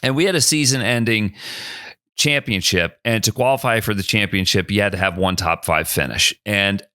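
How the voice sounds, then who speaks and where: A middle-aged man tells a story in a relaxed, chatty way, slipping into the voices of the people in it. His tone is bright and forward, and the recording is close and dry with no room sound. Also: on the low side, moderate pace, clean tone, dry recording. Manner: animated, acts out dialogue in the anecdote. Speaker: podcast guest. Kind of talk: casual storytelling.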